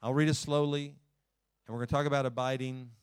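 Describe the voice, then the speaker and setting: A man preaching a sermon in church, folksy, climbing loud and then slowing down low to read scripture. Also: flat delivery, clean tone, dry recording, studio quality. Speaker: pastor.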